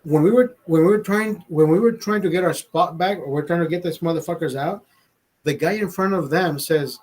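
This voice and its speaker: A man's voice: a little high, a little fast, a little mellow, slightly rough. A man hosting a livestream, telling a story in a profane, emphatic way, often repeating himself and restarting sentences. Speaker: livestream host. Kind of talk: casual live storytelling rant.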